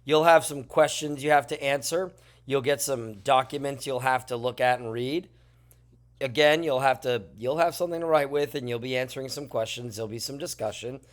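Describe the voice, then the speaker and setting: In a mid-range voice at normal speed, a male teacher chats his way through a lesson, lively and full of jokey asides. He's tired, says so, and yawns.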